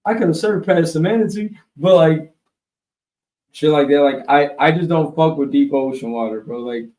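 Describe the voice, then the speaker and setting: A man co-hosting a live webshow, telling a long profane story in a loose, animated way. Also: a little high, moderate pace, roomy sound, far from the mic, poor audio. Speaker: co-host. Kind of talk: casual storytelling chat.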